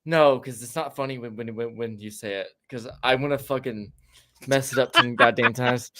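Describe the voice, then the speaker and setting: A man's voice: mid-range voice, normal speed, fairly bright tone. A male podcast host tells a story in loose, casual chat. He swears freely and rambles, often restarting his sentences mid-thought. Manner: profane, rambling, frequent restarts.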